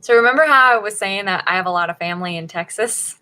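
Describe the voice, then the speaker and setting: A woman hosting a writing-sprint livestream talks quickly in a mid-range voice whose tone is sharp, clear and resonant. She's from Northern Virginia, USA, chats casually with viewers, and frequently laughs at the chat.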